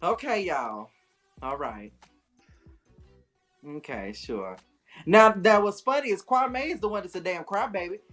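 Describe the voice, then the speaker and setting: A sassy, emphatic woman co-hosting casual morning-show chat. Her mid-range voice moves in lively swings, with faint music underneath. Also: mid-range voice, measured pace, long pauses. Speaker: co-host.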